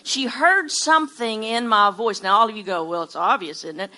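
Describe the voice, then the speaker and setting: A woman's voice: fairly high pitch, expressive, normal speed, sharp tone. A woman from Alabama with a Southern accent, teaching an informal sermon in a folksy way, often repeating words and restarting her sentences. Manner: storytelling with acted-out quotes. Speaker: Bible teacher.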